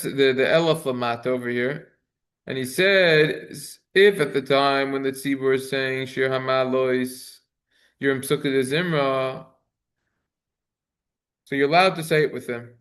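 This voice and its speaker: This halacha class features a rabbi whose mid-range voice is smooth and fairly bright, at a moderate pace. He chants the Hebrew in a singsong, then translates and discusses it conversationally, sometimes correcting himself, in Talmudic study style.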